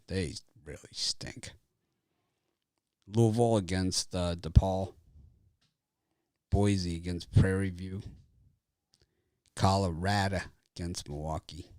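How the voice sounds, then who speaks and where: A man's voice: deep voice, unhurried, long pauses, dry recording, clean studio sound. A man hosting a sports betting podcast, running through games in a blunt, jokey way and passing the mic to others. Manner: jokey, blunt, laughs and riffs on teams. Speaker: podcast host. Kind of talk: casual sports betting chat.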